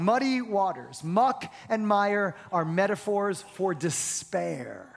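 Pastor delivering an earnest sermon, high voice, frequent restarts, long hall reverb. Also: male voice, very animated, slow pace, vocal fry, hardly any pauses. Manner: earnest preaching with repeated stammered restarts.

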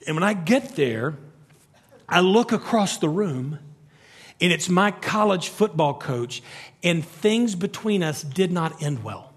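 A middle-aged man preaching a sermon, telling stories with animated energy that climbs to near-shouts. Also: sits high, slow, breathy edge. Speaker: pastor. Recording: long reverb of a large hall.

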